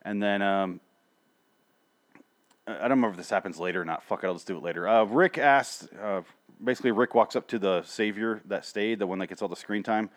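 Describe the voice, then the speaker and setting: Young adult male host, lowish voice, sarcastic, rambling, profane. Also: fairly quick. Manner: rambling, sarcastic, swears often, frequent restarts. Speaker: show host reviewing TV episodes. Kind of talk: casual profane rambling recap.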